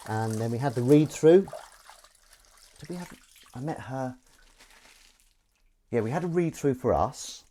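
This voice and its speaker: A man's voice: mid-range voice, expressive, a little slow, long pauses, mellow. A man, an actor, chatting loosely and self-deprecatingly to live-stream viewers while he does the washing up in his kitchen. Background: faint running water and dish clatter.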